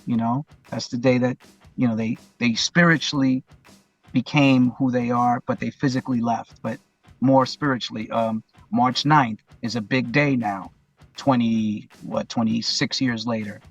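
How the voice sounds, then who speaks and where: A man's voice: medium pitch, fairly even intonation, a little slow, slightly rough, highs cut off. A man talking as a podcast guest in a casual, reflective way, often repeating himself and speaking from the heart. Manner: rambling, repeats phrases, heartfelt. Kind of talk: casual reflective interview talk.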